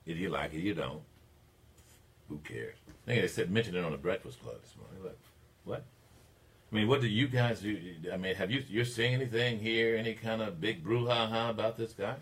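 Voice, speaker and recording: Brisk and husky, the voice belongs to an older Mississippi man hosting talk radio. He preaches emphatically through his monologue, alternating quiet asides with loud declarations.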